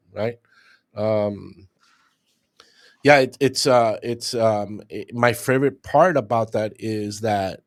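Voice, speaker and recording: A middle-aged man, a retired homicide detective, telling stories in a casual interview and acting out what others said. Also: on the low side. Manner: animated storyteller, acts out what others said.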